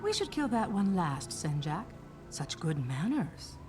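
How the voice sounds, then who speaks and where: An actress playing a scheming female bandit who speaks smoothly and persuasively. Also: lowish voice, sing-song, unhurried. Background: game music.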